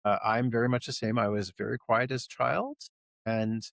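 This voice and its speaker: A man who plays an elf, talking in a casual fireside chat in a thoughtful, soft-spoken way. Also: mid-range voice, steady tone, moderate pace, creaky, dry recording. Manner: thoughtful, soft-spoken, self-described introvert. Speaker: elf performer, co-host.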